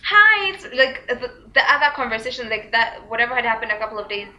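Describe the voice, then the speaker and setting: A young woman telling a storytime to her vlog viewers, full of fillers and likes, acting out quotes in a high squeaky voice. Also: fairly even intonation, fast, pushed and bright. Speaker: vlogger. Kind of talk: casual storytime chat. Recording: dull lo-fi recording.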